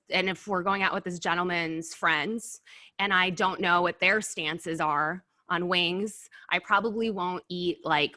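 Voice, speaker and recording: A woman hosting a casual chat while tasting wings, animated and blunt, sometimes talking with her mouth full. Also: fairly low pitch. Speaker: host. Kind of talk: casual food review chat.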